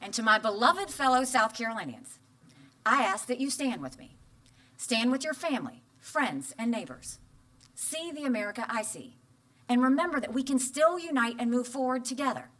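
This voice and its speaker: A woman politician delivering an earnest, measured campaign speech. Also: fairly high pitch, animated, a bit bright.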